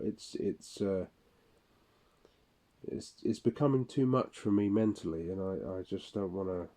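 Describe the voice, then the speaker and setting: A man's voice: low voice, unhurried, mellow. A man speaking a casual monologue for his audio log, rambling, profane and weary.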